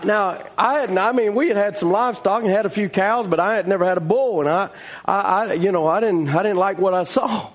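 A man preaching a storytelling sermon, folksy and rising to shouting fervor. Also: high-pitched, fairly quick. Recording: dull lo-fi sound.

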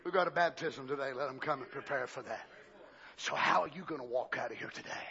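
An older man preaching a sermon. He swings from shouted, drawn-out exclamations to hushed, low passages. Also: husky, lo-fi sound.

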